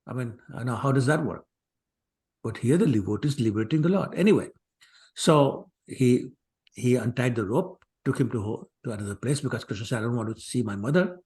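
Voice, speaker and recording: A man gives a scripture class in a chatty, digressive manner. His pitch is middling for a man. He slips into the voices of the people in his stories. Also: animated, a little fast, a little mellow. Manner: conversational, digressive, acts out quotes. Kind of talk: scripture class lecture with storytelling.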